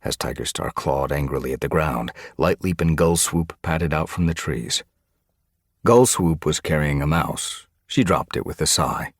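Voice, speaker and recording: A man reading an audiobook in steady scripted narration. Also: a bass voice, moderate pace, gravelly, slightly rough, no echo, studio quality.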